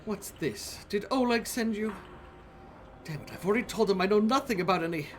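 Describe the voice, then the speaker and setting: A man's voice: high voice, animated, fairly quick, slight background noise, voice pushed up. A man voicing a prim, flustered woman librarian in a video game, sweet and evasive, calling people dearie. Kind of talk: reading game dialogue aloud.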